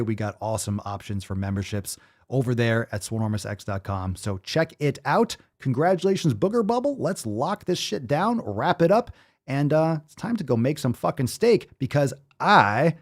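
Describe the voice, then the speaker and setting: A man's voice: mid-range voice, moderate pace. A male podcast host in casual chat, talking in a boisterous, profane, mock-bragging way.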